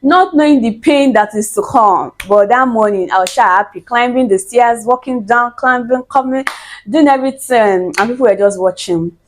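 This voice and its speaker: A woman's voice: fairly high pitch, moderate pace, soft background music. A young woman, casually telling a personal story to camera and acting out the quotes. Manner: animated, laughs often, acts out quotes. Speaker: vlogger telling her birth story.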